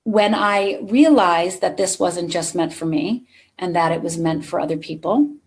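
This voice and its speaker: A woman's voice: lowish voice, measured pace, darkish tone. A middle-aged woman giving a motivational keynote to a live conference audience, telling a personal story and speaking straight to the crowd.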